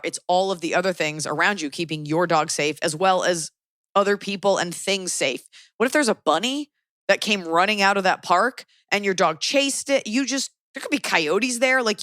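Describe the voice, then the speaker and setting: A woman hosts a casual podcast chat, opinionated and animated, and she keeps throwing in quick asides. Her voice sits a little low. The recording is dry and close, with no room sound. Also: no room sound. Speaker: podcast host.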